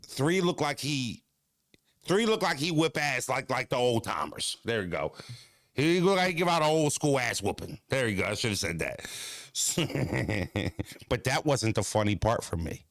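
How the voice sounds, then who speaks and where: A male streamer chats through his reactions, laid-back and swearing freely. His mid-pitched voice has a gravelly edge, and the sound is close and dry. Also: very animated, moderate pace, fairly bright tone, no room sound. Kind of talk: casual reaction chat.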